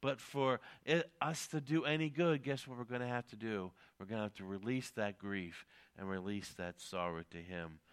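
A man's voice: fairly low pitch, normal speed, few pauses, smooth. A middle-aged man preaching a sermon as a pastor, earnest, with frequent hesitations and sudden emphatic rises.

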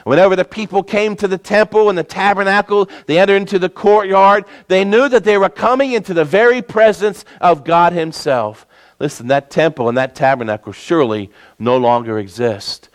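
A pastor preaching a sermon in a notably high voice for a man. He slows down and presses on key words for emphasis, speaking as though to his congregation. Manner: preaching with emphatic, slowed-down stresses.

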